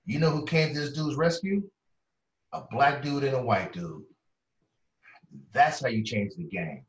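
A therapist appearing as an interview guest tells animated stories in conversation, packed with slang and sudden high-pitched impressions of people he quotes. His voice is mid-range at a measured pace, and he sounds distant from the mic in an echoey room, with slightly dull audio.

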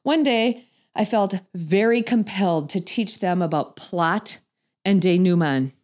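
Middle-aged woman, humorous storyteller, expressive, acts out quotes, mid-pitched voice. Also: a little slow. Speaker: mother telling a family story. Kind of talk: humorous storytelling talk to an audience.

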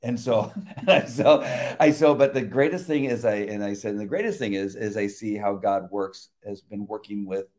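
An older man, a retired police officer, talking about faith in a halting, reflective way with many restarts. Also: lowish voice, a little mellow. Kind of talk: casual faith conversation.

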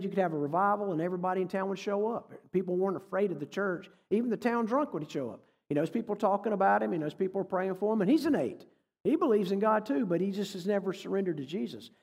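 A man's voice: sits high, warm tone, slightly rough. Man preaching in a big hall. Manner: folksy storytelling preacher, emphatic repetition. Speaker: guest speaker. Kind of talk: sermon. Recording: reverberant hall.

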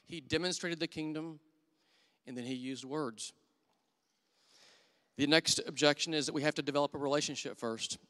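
A man's voice: on the high side, normal speed, pauses often, a bit bright. Man preaching in a reverberant hall. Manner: candid, self-deprecating storytelling. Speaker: church elder preaching. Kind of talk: sermon.

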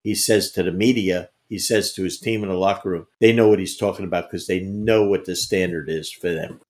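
A man's voice: low-pitched, steady tone, brisk, darkish tone. An older man, a veteran basketball coach, answering interview questions with emphatic anecdotes and frequent restarts. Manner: emphatic, repeats words, tells anecdotes. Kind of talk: conversational interview storytelling.

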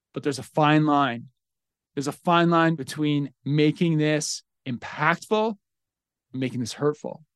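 An earnest man hosting a solo parenting podcast, coaching listeners on being better dads. His voice sits a little high for a man, and the sound is dry and close. He tells his stories with lively energy. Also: no room sound. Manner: earnest and coaching, with animated storytelling. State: getting emotional. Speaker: podcast host. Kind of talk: solo parenting advice talk.

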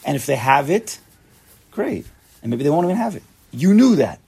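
A man's voice: on the high side, very animated, normal speed, creaky, darkish tone, husky. A man giving a casual, chatty Torah class, joking and mixing Hebrew and Yiddish terms into his talk.

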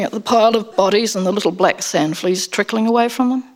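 A woman narrating a first-person story as an audiobook, in an expressive storytelling manner. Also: medium pitch, quick pace, few pauses.

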